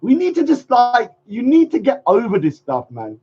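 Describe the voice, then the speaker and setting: A man's voice: very high-pitched, huge pitch swings, normal speed, a little mellow, breathy edge. A man hosting a livestream, ranting in a mocking, sarcastic way and repeating phrases in a sing-song. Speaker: livestream host. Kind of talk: casual livestream rant. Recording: dull lo-fi stream audio.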